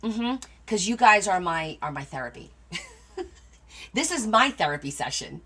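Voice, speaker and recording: A woman's voice: medium pitch, sing-song, measured pace, sharp tone, husky. A middle-aged woman talks casually to her livestream viewers as the host of a crafting stream. She tells stories in a chatty way and answers viewer comments as she goes. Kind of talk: casual chat with live viewers.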